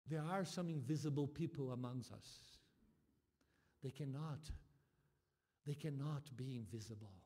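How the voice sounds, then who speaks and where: Impassioned pastor in a reverberant church. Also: male voice, medium pitch, unhurried, pauses often, breathy edge. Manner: impassioned, swings from soft to loud. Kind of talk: sermon. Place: church sanctuary. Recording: long hall reverb.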